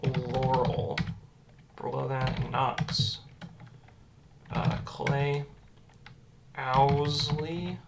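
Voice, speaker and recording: A woman quietly reciting place names from memory, correcting herself now and then and making wry asides. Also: rumbling low, little pitch movement, very slow, creaky, long pauses, very noisy. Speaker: geography video creator. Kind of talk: muttering recall while typing. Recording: loud keyboard clatter close to mic. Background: loud keyboard typing.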